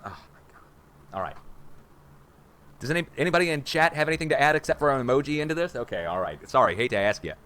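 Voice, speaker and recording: A man in his forties hosting a rambling livestream from a room at home, excitable and conspiratorial, talking to viewers as guys. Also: fairly high pitch, racing, few pauses. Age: 40s. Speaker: livestream host.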